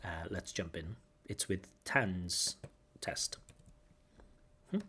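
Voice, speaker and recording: A man giving commentary as a speaking examiner, explaining errors and slowly modelling the correct pronunciation of words. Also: low voice, sharp tone, slight background noise. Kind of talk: exam feedback commentary.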